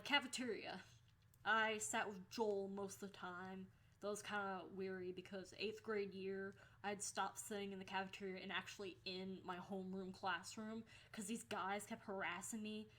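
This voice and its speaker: A young woman in a casual storytelling vlog, with a voice that sits in an ordinary middle pitch. She talks candidly and swears freely, laughing her way through the tale. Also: a bit bright. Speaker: vlogger.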